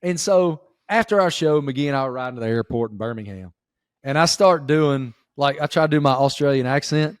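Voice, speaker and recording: A middle-aged man with a Southern Appalachian accent, chatting as a podcast guest and telling stories in a lively, folksy way. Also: medium pitch, brisk, no echo, studio quality. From southwestern Virginia. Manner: animated storyteller, folksy drawl. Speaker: guest, sports reporter. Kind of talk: casual podcast chat.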